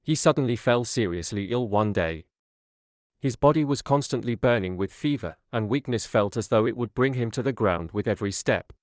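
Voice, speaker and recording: A man calmly narrating a scripted storybook tale in a measured way. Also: medium pitch, no room sound, clean studio sound.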